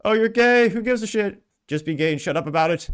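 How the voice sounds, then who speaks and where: A man doing a shrill mocking accent. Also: expressive, fast talker, smooth. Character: loud mocking man in an odd put-on accent.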